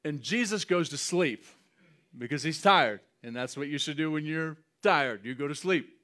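A man preaching a sermon, animated and often chuckling as he acts out scenes. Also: on the high side, normal speed. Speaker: pastor.

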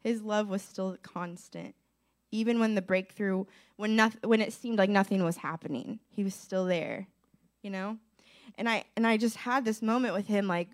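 A woman's voice: medium pitch, unhurried. A woman in her thirties sharing a personal testimony at church, earnest and conversational, often asking the audience to relate. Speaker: speaker giving a testimony.

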